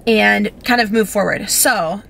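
A woman's voice: medium pitch, a little slow, gravelly, fairly bright tone, slight background noise. A young woman vlogging from home, telling a story in a gushing, breathless way and close to tears, full of fillers. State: teary, on the verge of crying. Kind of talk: emotional storytime vlog.

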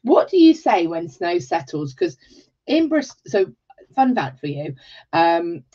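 An English woman from England, hosting a live jewellery tutorial in a warm, chatty way, greeting viewers by name and exclaiming often. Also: on the low side, big pitch swings, unhurried. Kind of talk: chatty livestream talk. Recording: slightly dull livestream audio.

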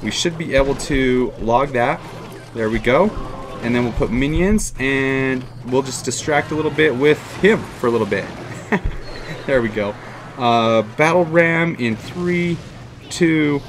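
A man giving live commentary over his own mobile game match, excitable and chatty, often repeating himself and cheering or groaning at the action. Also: medium pitch, a little slow, noisy background. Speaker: gaming YouTuber.

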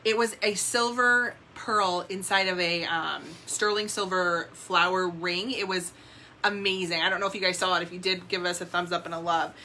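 A woman's voice: fairly low pitch, fairly even intonation, moderate pace, pushed and bright, a little hiss or hum. A woman co-hosting a live jewelry sales stream, gushing and upbeat as she talks to viewers. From New Jersey.

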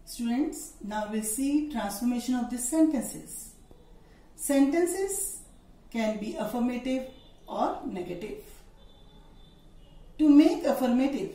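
A woman teaching grammar in a slow, careful way, her voice mellow and a little high. She sounds some distance from the mic in a very echoey room. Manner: slow, deliberate, listing examples. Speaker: English teacher. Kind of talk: grammar lesson.

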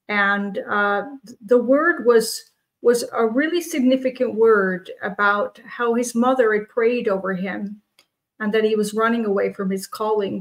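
A woman co-hosting a prayer forum, telling a personal testimony in an earnest, halting way with frequent restarts. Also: medium pitch, fairly bright tone, low-quality recording. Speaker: co-host of a prophetic prayer forum.

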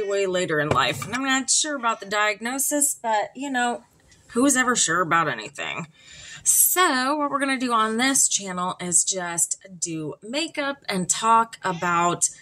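A woman's voice: medium pitch, pushed and bright. A woman hosting a casual makeup vlog, talking candidly and chattily with frequent ums. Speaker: makeup vlogger.

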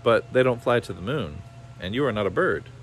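A man voicing a patient mother bear in a storybook, gentle and matter-of-fact, in a softer, lower tone. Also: lively intonation, brisk, a little hiss or hum, lightly acted.

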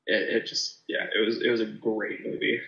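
A man's voice: on the low side, flat delivery, moderate pace, vocal fry, sharp tone, muffled recording. A man co-hosting a casual movie review podcast, rambling with many fillers and restarts. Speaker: podcast co-host.

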